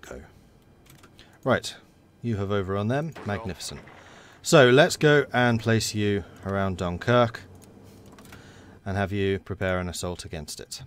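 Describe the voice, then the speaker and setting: A man's voice: lowish voice, unhurried, a little hiss or hum. A man giving casual, wry commentary while playing a strategy game and chatting to his units. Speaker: let's play commentator.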